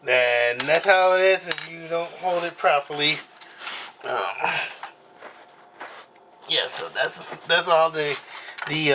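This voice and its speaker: Rambling man unboxing, noisy recording. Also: a little high. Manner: rambling, halting, apologetic, with many fillers. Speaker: video host. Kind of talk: casual unboxing vlog.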